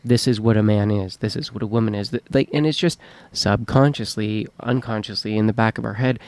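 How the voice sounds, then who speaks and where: A man's voice: on the low side, brisk, a little mellow, no room sound. A man co-hosting a podcast in casual chat who muses in a rambling, reflective way and fills his talk with "you know" and "like". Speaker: podcast co-host.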